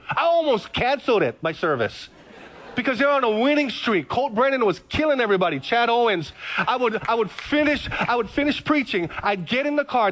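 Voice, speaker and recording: A middle-aged male pastor giving a sermon, telling stories with jokes and repeated phrases. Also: sits high. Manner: animated storytelling, joking and repeating phrases.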